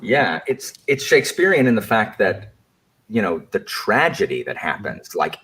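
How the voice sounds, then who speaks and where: A man's voice: lowish voice, moderate pace. An American man hosting a casual book discussion livestream, talking emphatically and repeating his points. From United States. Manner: animated, emphatic, repeats phrases. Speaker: host.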